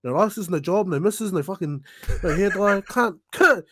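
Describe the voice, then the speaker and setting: A man's voice: high voice, normal speed, bright, forceful tone. A young man with a New Zealand accent chatting as a podcast guest, laughing, swearing and playful. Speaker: guest musician. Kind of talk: casual podcast chat.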